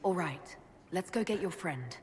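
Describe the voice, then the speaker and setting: A steady, low-voiced game hero. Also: female voice, a little slow, breathy edge, heavily acted. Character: steady female hero leading a group.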